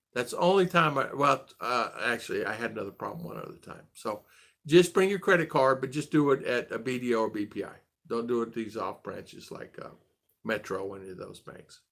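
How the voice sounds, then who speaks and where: A middle-aged man from the United States hosts a casual vlog stream, rambling and repeating himself while answering viewers with blunt advice. His mid-range voice is gravelly and a bit bright, and he talks fairly quickly.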